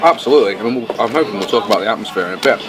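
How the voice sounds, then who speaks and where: A man co-hosting a casual podcast, chatty and swearing casually, recorded in a fast-food restaurant. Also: on the low side, expressive. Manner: chatty, swears casually, talks while eating. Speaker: podcast co-host. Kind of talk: casual chat. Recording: noisy crowded restaurant. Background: busy restaurant crowd chatter.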